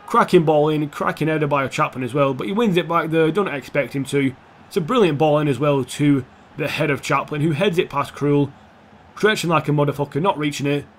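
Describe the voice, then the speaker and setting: A young man commentating on his football video game, excitable and blunt, swearing freely. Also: on the high side, fairly quick. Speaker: gaming YouTuber.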